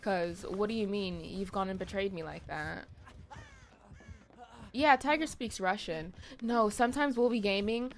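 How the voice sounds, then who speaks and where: A young adult woman streaming a game, chatting casually with her viewers in animated, profane, slangy banter. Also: medium pitch, measured pace, a little hiss or hum. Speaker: gaming streamer. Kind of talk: casual livestream chat while gaming.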